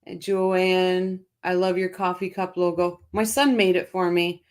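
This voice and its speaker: A woman's voice: fairly low pitch, flat delivery, measured pace. Chatty middle-aged woman hosting a livestream. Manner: chatty, reads comments aloud, frequent restarts. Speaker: livestream host. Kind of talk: casual livestream chat reading viewer comments.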